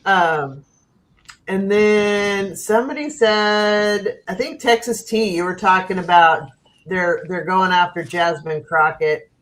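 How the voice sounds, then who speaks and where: A woman's voice: medium pitch, slow, a bit bright, rough recording. A woman hosting a casual livestream chat over a video call. She laughs often while she tells stories. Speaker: host.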